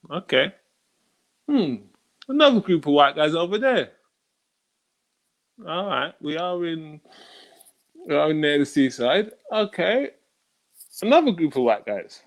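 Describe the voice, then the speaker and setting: A man's voice: on the high side, big pitch swings, unhurried, pauses often. A man performing stand-up comedy, telling a story in a casual, slangy way and often ending lines with "yeah?" or "you know?". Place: comedy gig stage.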